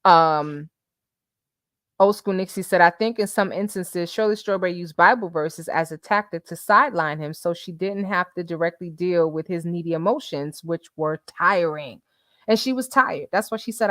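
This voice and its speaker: A woman hosting a casual live stream, reading messages and viewer comments aloud with animated, laughing commentary. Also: medium pitch, moderate pace, no echo, clean studio sound.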